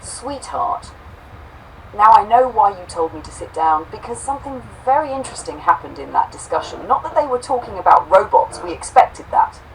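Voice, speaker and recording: A woman co-host reading a homespun robot story aloud, saying the quote marks out loud, then reflecting warmly on it. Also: medium pitch, big pitch swings, normal speed, recorded from a distance, a little hiss or hum, rough recording. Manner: warm, affectionate, reads quote marks aloud.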